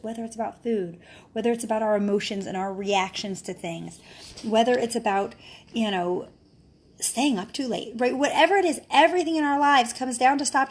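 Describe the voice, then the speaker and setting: Her voice is mid-range and slightly rough as this mother and wellness speaker chats casually with followers on a live video. The tone is earnest and supportive, and she keeps finishing thoughts with an inquiring "right?"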